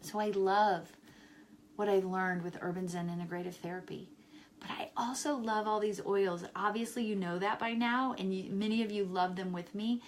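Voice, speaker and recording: A woman on a live stream from home, talking to viewers in a warm, encouraging way and repeating her key phrases. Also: mid-range voice, fairly even intonation, moderate pace, a little hiss or hum. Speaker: wellness vlogger selling essential oils. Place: home in Chicago, indoors.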